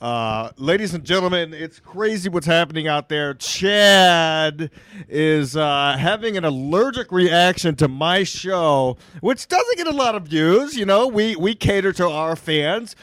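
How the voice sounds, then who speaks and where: A male podcast host speaking casually, with mocking sarcasm and plenty of swearing. His voice sits a bit high. The sound is dry, with no room echo. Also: animated, unhurried, fairly bright tone.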